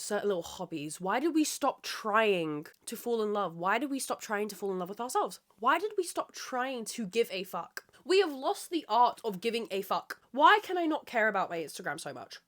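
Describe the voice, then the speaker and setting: A woman's voice: on the high side, sing-song, moderate pace, a bit bright. A woman hosting her own podcast, ranting with heavy swearing and rambling off track in a solo monologue. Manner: rambling, loses her train of thought. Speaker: podcast host.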